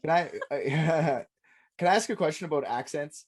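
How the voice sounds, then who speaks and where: A podcast co-host asking rambling, halting questions full of fillers in casual chat. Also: medium pitch.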